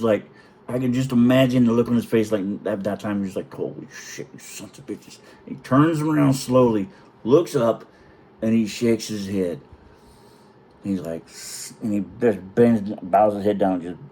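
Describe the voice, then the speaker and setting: Husky low-voiced middle-aged man storyteller. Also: mellow. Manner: profane, chuckling, rambling anecdotes; often clears his throat. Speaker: retired Navy chief. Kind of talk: casual storytelling vlog.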